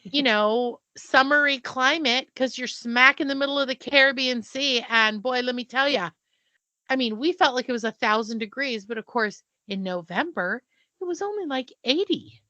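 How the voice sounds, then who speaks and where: A woman in her fifties co-hosts a podcast, chatting animatedly and swearing casually. Her voice is high and sharp, her pace moderate, and the audio is dull with no room sound.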